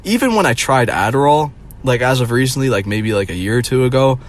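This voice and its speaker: A man's voice: medium pitch, lively intonation, a little fast. A young man ranting casually to his viewers, rambling with lots of fillers and swearing. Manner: rambling, profane, heavy on "like". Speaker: vlogger. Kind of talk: casual vlog rant.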